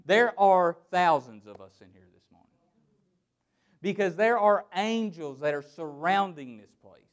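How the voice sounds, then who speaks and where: High-voiced animated male preacher. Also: measured pace. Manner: animated preaching, reads scripture aloud and laughs at his own asides. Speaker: pastor. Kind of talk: sermon. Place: church with a small congregation.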